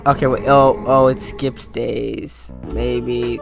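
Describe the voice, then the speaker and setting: A man's voice: medium pitch, level tone, takes it slowly, creaky. Slangy young guy playing a game. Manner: casual slangy, blurts reactions. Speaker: gamer reading and reacting. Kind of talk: let's play commentary with read dialogue. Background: game music.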